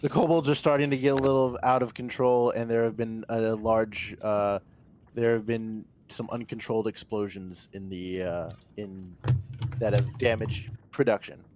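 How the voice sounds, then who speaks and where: A man's voice: on the low side, steady tone, normal speed, a little mellow, slight background noise. A man playing in a tabletop game, talking hesitantly with many restarts and fillers. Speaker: player.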